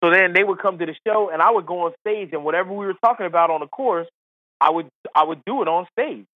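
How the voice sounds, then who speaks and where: A man, a comedian and podcast guest, telling an animated anecdote and acting out the people in it. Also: high voice, quick pace, no echo, lo-fi sound. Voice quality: lively storyteller who acts out voices.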